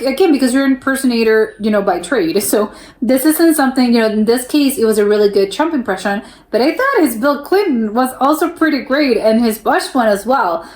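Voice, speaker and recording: A woman's voice: a little high, darkish tone. Chatty American woman in an echoey room. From United States. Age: young adult. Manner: chatty, many restarts, frequent laughter. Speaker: reaction video host. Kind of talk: casual reaction commentary. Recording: roomy echo.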